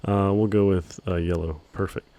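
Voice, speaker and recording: A man teaching video editing in a screen-recorded tutorial, speaking in a relaxed monotone with frequent ums while he clicks through steps. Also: low voice, normal speed, no room sound. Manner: calls his own voice monotone, relaxed, many ums.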